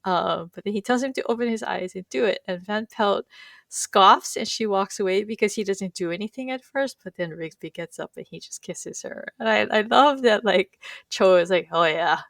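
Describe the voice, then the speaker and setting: Podcast co-host, woman, gravelly, laughs a lot while retelling scenes. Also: medium pitch, animated, measured pace, no echo, clean studio sound. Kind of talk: casual chat recapping a TV episode.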